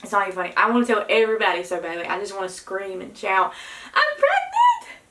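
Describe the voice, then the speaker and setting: A young woman, vlogging casually to camera, excited and nervous, with many gasped exclamations. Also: mid-range voice, rapid-fire, roomy sound, low-quality recording. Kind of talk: casual vlog talk to camera.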